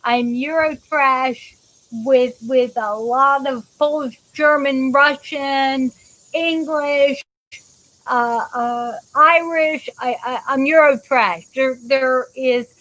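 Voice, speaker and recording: A woman's voice: high-pitched, slow pace, fairly bright tone, rough recording. A woman hosting a live chat show, talking in a rambling, chatty way with many restarts and stopping to greet viewers by name. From United States. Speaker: host of a live interactive show. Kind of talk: casual live-stream chat.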